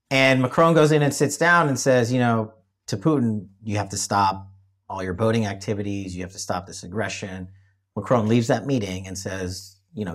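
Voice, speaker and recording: A man hosting a political discussion show, talking emphatically and often restarting his phrases. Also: on the low side. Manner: emphatic, repeats himself when restarting. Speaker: show host.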